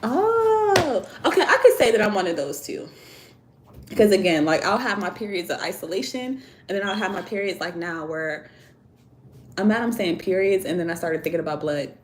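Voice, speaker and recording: With lively intonation and normal speed, a young woman chats on a casual phone livestream, going through viewer comments with candor, slang and plenty of laughter. She creates tarot and oracle decks, and her medium-pitched voice carries a little hiss or hum.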